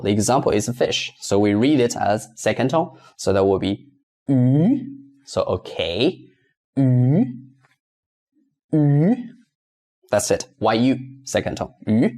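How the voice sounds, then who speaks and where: A man's voice: mid-range voice, creaky, darkish tone. A man teaching a step-by-step pinyin lesson, patiently repeating each word several times for learners. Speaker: Mandarin teacher.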